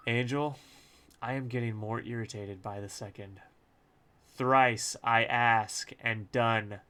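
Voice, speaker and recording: Male author-streamer, slow delivery, bright voice, casual and crude. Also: lowish voice, fairly even intonation, clean tone. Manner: casual and crude, joking asides. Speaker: author reading his own book. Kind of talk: live-streamed audiobook reading.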